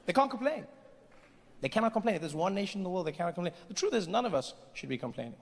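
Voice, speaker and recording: A man doing stand-up comedy on a theatre stage, animated and storytelling. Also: high voice, racing, creaky, a little hiss or hum. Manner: animated, storytelling, switches into voices. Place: theatre stage with live audience. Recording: live hall with crowd laughter.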